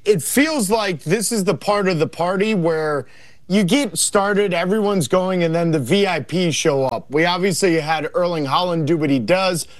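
A man analyzing soccer on a TV sports show, with energetic, playful delivery. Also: sits high, moderate pace, dry recording.

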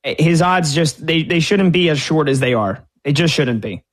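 Man, slightly higher-pitched, opinionated tennis betting analyst, casual and rambling. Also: animated, moderate pace. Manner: opinionated, rambling, many restarts. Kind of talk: sports betting commentary.

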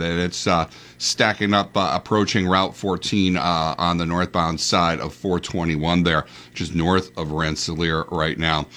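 A man reading the traffic on the radio, his voice sitting on the lower side. He runs through routes briskly, filling gaps with little hesitations as he goes. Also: fairly bright tone. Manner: brisk rundown with frequent "uh" fillers. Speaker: traffic reporter.

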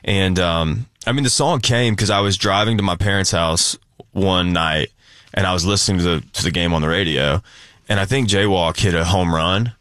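Low-voiced young man, easygoing and rambling. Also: moderate pace, fairly bright tone, no echo, clean studio sound. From Nashville. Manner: easygoing, rambling with many fillers. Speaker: country singer guest. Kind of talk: casual radio interview chat.

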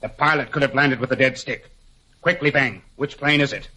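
An actor playing a cold, menacing master criminal who speaks in a measured, formal, threatening way in a 1940s radio drama. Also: male voice, medium pitch, bright, forceful tone, husky, low-quality recording. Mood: commanding.

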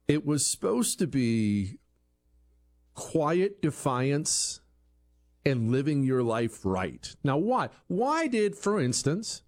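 A man's voice: fairly high pitch, big pitch swings, slow, darkish tone. A man giving an opinion monologue, asking rhetorical questions and acting out quoted voices, often repeating words as he restarts. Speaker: commentary show host.

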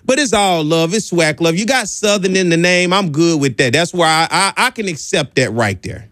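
A man's voice: fairly high pitch, expressive, moderate pace, fairly bright tone, no room sound. A man hosting a sports talk radio show, joking and slangy as he talks to guests and callers.

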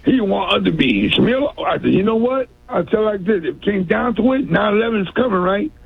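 This New York caller's voice sits high and sounds gravelly and slightly rough, and he speaks in an animated way, a little fast. On a tinny phone line to a radio show, he rambles through a long tale, stammering and repeating himself.

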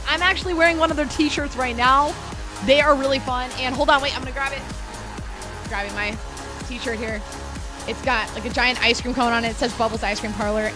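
A woman radio host reading a chatty, upbeat promotional spot on air. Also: high-pitched. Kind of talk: live radio ad read. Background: music bed.

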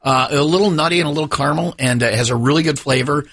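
A talkative male host with a bright, forceful voice and a husky edge. He chats casually and jokes as he tells his stories. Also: fairly high pitch, very fast. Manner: talkative, jokey storyteller. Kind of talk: casual chat.

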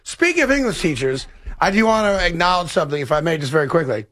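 Guy with a pretty high voice hosting sports radio, joking around and ribbing his cohost. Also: fast. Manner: joking, teasing, lively back-and-forth. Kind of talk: casual on-air banter.

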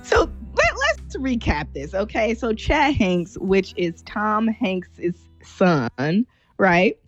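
A woman co-hosting a casual podcast chat, recapping a story in a teasing, animated way. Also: mid-range voice, slow, muffled recording, soft background music. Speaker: co-host.

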